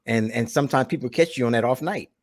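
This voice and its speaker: A man's voice: medium pitch, quick pace. A man hosting a casual podcast, mostly backing up his guest with short agreeing remarks. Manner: agreeable listener, short affirmations. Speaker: podcast host.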